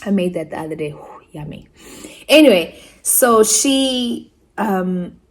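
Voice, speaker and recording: A woman from Africa giving a casual, animated book review, with laughing asides, mock outrage and characters' lines acted out in quick asides. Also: medium pitch.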